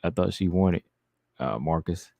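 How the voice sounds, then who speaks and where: A man's voice: sits low, normal speed, gravelly, dark tone, no echo. A man hosting a casual livestream, reading viewer comments aloud and answering them in a laid-back way. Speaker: livestream host reading chat.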